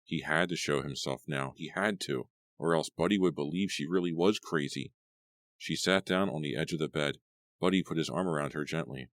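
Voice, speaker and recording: A man narrating an audiobook story with expressive storytelling. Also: very deep voice, moderate pace, dry recording, clean studio sound. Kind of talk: scripted narration.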